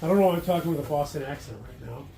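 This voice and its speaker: A man's voice: on the high side, racing, warm tone. A man narrating a casual workshop vlog, thinking aloud as he works and cheering his own results with casual slang. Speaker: car builder.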